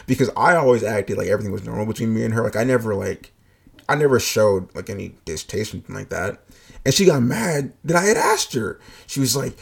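A man's voice: lowish voice, animated, brisk, creaky, breathy edge. A young man hosting a podcast, telling a story in a blunt, profane, joking way. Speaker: podcast host. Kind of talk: casual storytelling monologue.

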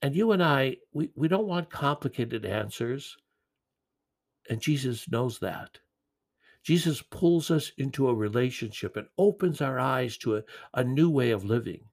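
A man preaching a sermon in an earnest, gentle way, with occasional repeated words. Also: medium pitch, expressive, measured pace.

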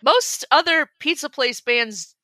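A woman's voice: high voice, lively intonation, slow pace, pushed and bright, no room sound. A woman co-hosting a comedy podcast, making blunt, snarky remarks with casual swearing. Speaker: podcast co-host. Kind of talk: casual comedic review chat.

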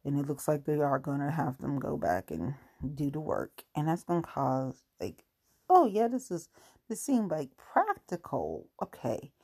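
A woman's voice: low-pitched, sing-song, moderate pace, few pauses, a little mellow, husky. A woman ranting about politics in casual talk, angry and sarcastic, swearing often.

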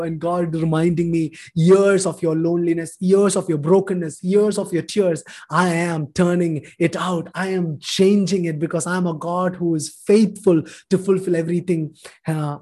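A man's voice: high voice, dark tone. A man in his thirties from India, telling his life testimony with emotion and acting out dialogue. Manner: emotional storytelling, acts out dialogue. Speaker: speaker sharing testimony. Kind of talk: personal testimony talk.

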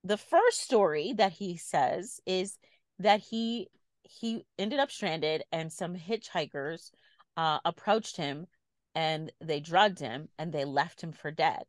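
Woman cohost telling a story, lowish voice, dry close sound, laughs easy. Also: no echo. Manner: chatty, laughs easily. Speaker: podcast co-host. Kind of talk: casual chat, storytelling.

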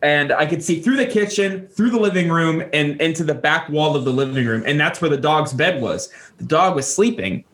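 A young man co-hosting a podcast, telling a casual story and jumping into squeaky voices for animals. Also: animated, moderate pace, hardly any pauses, a bit bright. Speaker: podcast co-host.

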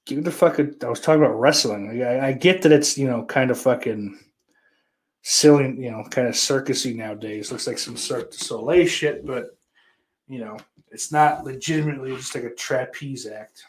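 A man's voice: medium pitch, moderate pace. A man hosting a casual live stream, reading viewer comments and answering them in a crude, sarcastic, rambling way with lots of swearing. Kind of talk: casual profane chat.

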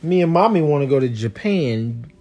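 A man's voice: mid-range voice, expressive, moderate pace, mellow, faint music behind. A man chatting casually with his child, teasing and joking in a loose, slangy way. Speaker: parent.

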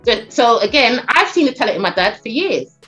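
Animated woman telling stories on a podcast. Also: on the high side, fairly quick, faint music behind. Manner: animated, storytelling, many restarts and fillers. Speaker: talent agent and podcast guest. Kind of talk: casual podcast chat.

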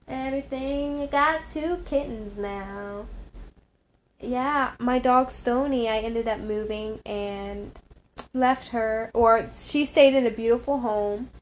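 A fairly high-pitched woman speaks to her followers in a loose, rambling monologue. She drifts between thoughts, trails off mid-sentence and circles back to the same affirmations again and again. A faint hiss sits behind her voice. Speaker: spiritual vlogger. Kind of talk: casual heartfelt monologue.

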